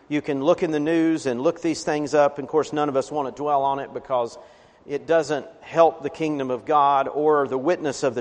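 A man preaching a sermon as a pastor, earnest, swelling with emphasis on key words. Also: medium pitch. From Appalachian region of the US. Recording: reverberant hall.

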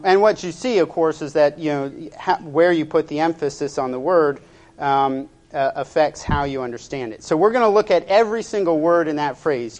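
Halting male pastor preaching. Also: a little high, a little mellow. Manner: hesitant, many "uh" fillers, measured delivery. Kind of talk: sermon.

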